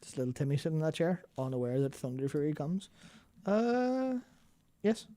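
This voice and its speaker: A man's voice: fairly high pitch, very animated, normal speed, mellow. A tired man, co-hosting a casual live stream, rambling and swearing as he looks for things. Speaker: co-host.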